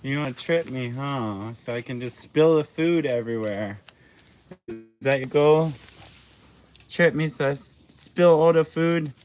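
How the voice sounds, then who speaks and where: Slow, soft-spoken farmer coaxing animals. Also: mid-range voice. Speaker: farm owner live-streaming chores. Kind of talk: casual chat while feeding animals. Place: outdoor farm pasture. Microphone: phone live stream.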